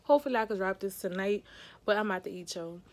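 A woman's voice: medium pitch, fast talker. A woman, chatting casually to her viewers from bed. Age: 30s. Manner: chatty, relaxed, addresses viewers as y'all. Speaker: vlogger mom. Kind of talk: casual vlog talk to camera. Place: at home in bed.

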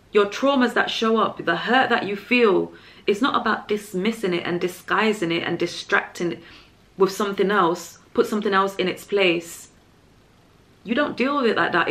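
A woman's voice: medium pitch, gravelly, a bit bright. A woman vlogger giving an earnest, emphatic opinion monologue, repeating her points for stress.

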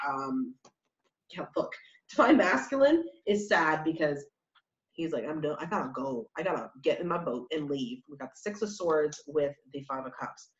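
Lively, chatty woman reading tarot. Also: medium pitch, background noise. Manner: chatty, rambling, many fillers. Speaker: tarot reader. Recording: roomy, slightly dull sound.

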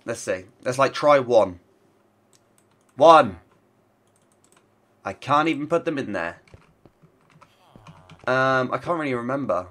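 Male let's-play host, stuffy from a cold, slow unhurried delivery with sharp bright tone, chatty self-talk. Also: medium pitch, animated. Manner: chatty, talks to himself and the animals. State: congested from a cold. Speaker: gaming channel host. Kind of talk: casual Minecraft let's-play commentary.

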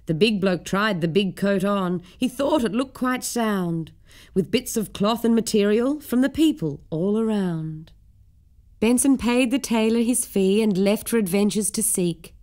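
A woman's voice: medium pitch, animated, a little slow, darkish tone. A woman narrating a rhyming children's story with a lilting, rhythmic reading.

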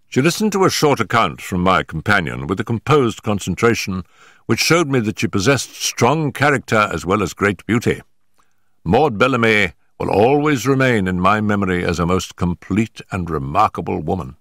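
An older man narrates a story in a low, measured voice with a grave, unhurried weight. The recording is close and dry, with no room sound. Every sentence is delivered with deliberate storytelling care. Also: expressive, fairly bright tone, no room sound. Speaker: audiobook narrator. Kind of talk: scripted narration.

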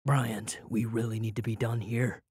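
A man reading an audiobook, voicing a calm, tired, formal young male wizard in a lower voice. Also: slow pace, slightly rough, no echo, studio quality. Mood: weary calm. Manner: overly calm, tired, prim.

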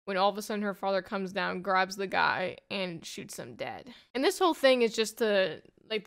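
A woman's voice: medium pitch, fairly bright tone. Chatty woman recapping a comic. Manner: rambling, full of "like" and "you know". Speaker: comic book reviewer. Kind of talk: casual plot summary.

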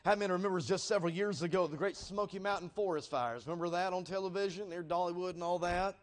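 A man preaching a sermon as a visiting evangelist, swinging from loud, emphatic peaks down to hushed, low passages. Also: fast. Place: church sanctuary.

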